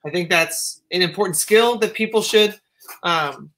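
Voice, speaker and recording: A man from the United States hosting a casual discussion, talking in a digressive, halting way with many restarts. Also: high voice, pushed and bright, a little hiss or hum. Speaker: host.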